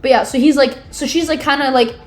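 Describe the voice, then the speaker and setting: Talking fast in a high voice with fairly even intonation, this woman in her twenties co-hosts a podcast over faint background music. She summarizes a book conversationally, sprinkling in "like" and dramatic reactions of disgust.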